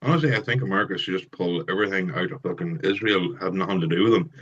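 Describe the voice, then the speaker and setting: A man's voice: sits low, quick pace, a bit bright, highs cut off. A man from Ireland in a casual podcast chat, blunt and grumbling, swearing freely.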